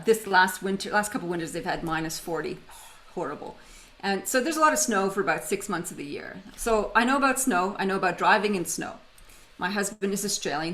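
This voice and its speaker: A woman's voice: mid-range voice, a bit bright, poor audio. A woman from Canada, presenting a webinar in a conversational way and telling personal stories with humor over a video call microphone. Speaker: webinar facilitator.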